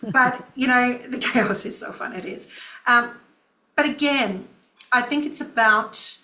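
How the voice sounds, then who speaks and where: A woman's voice: on the high side, measured pace, bright, forceful tone, roomy sound, poor audio. Chatty Australian woman host. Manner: chatty, rambling with fillers. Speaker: host of training call. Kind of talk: online training call. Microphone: video call.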